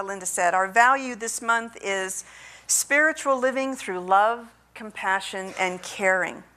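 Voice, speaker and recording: A woman minister telling a story and then giving a measured, earnest sermon. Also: medium pitch, a bit bright.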